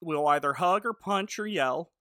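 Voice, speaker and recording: A man's voice: fairly high pitch, moderate pace, bright, forceful tone, clear, resonant tone, dry recording, clean studio sound. A man co-hosting a podcast, recapping a TV episode in a sarcastic, jokey way. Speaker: podcast co-host. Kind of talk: casual chat recapping a TV episode.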